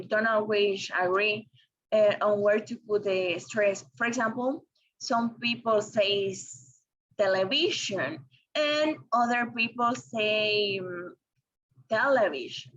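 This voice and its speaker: Slow, careful woman presenting a lesson. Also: mid-range voice, fairly bright tone, muffled recording. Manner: slow and careful, with frequent ums and restarts. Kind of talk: reading a class presentation.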